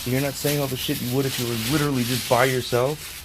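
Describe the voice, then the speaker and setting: A young man rambling casually on his own vlog, thinking out loud and swearing freely as he talks outdoors into a phone. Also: mid-range voice, level tone, fast, noisy background. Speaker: podcast host, delivery driver. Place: outdoors at home.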